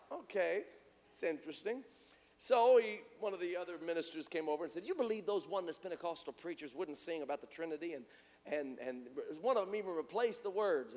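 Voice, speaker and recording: A man's voice: a little high, big-room sound. A man preaching a sermon, telling a story and acting out the dialogue, often repeating words as he goes. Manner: animated, repeats words, acts out quoted dialogue.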